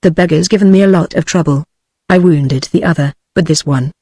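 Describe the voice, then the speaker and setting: A woman's synthetic voice with a British English accent, reading the lines of a calm, commanding gentleman thief in her usual even narration. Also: on the low side, fairly quick, no room sound, natural voice. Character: cool-headed gentleman thief, adult man.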